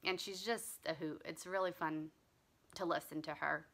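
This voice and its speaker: A woman's voice: sits low, fairly even intonation, moderate pace, a bit bright. A woman vlogger chatting casually about her stitching, rambling along with ums and restarts. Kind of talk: casual chat.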